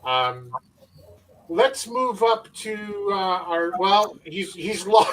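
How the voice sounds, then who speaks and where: A man hosting a wrestling podcast, chatting in a relaxed, hesitant way with lots of fillers. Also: high-pitched, drawn-out words, recorded from a distance, rough recording. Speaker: podcast host. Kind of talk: casual podcast chat.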